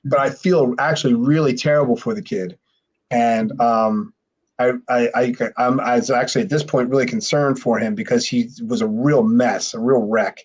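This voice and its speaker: A man, a former pro wrestler guesting on a podcast, telling a rambling, profane story and mimicking others in a high voice. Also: normal speed, slightly rough. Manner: animated, mimics others with sharply raised pitch. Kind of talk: casual storytelling.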